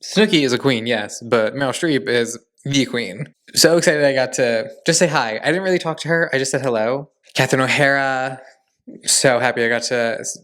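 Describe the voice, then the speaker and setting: A young man hosts his own podcast and tells his stories in a chatty, gushing way. He keeps slipping into quoted back-and-forth dialogue. His voice is smooth and clear, at an ordinary pitch. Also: moderate pace, a bit bright. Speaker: podcast host. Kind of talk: casual solo podcast recap.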